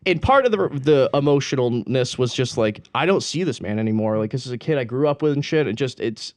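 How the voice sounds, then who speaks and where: A man's voice: mid-range voice, expressive, a little fast, no echo. A young man co-hosting a podcast, telling stories in a rambling, profane way, full of slang and laughter. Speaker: podcast co-host. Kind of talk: casual podcast storytelling.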